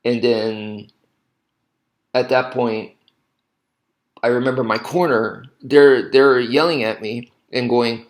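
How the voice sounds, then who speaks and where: A man's voice: mid-range voice, steady tone, slow, pauses often. A man casually telling a story to camera, rambling and correcting himself often with lots of "you know" asides. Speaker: martial arts instructor.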